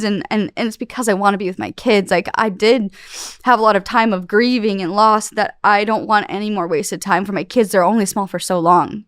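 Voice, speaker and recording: A woman's voice: mid-range voice, clean tone, dry recording, clean studio sound. A woman in her thirties speaking as an interview guest, candid and emotional, rambling with many fillers and restarts.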